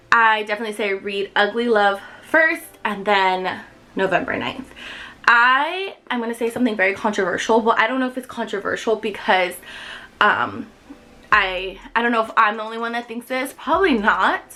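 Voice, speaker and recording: A woman in her twenties chatting excitedly to camera about books she loves, with lots of fillers. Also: medium pitch, low-quality recording. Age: 20s. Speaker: book vlogger. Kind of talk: casual chat to camera.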